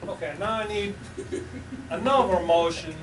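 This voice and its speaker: A man's voice: high-pitched, moderate pace. A man hosting a live improv show, chatty and coaxing, laughing often as he sets up games. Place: small improv theater stage. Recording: roomy, distant, noisy live recording.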